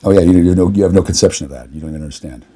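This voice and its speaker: Husky low-voiced man on an angry rant. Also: racing, dark tone. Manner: furious, confrontational, swears constantly.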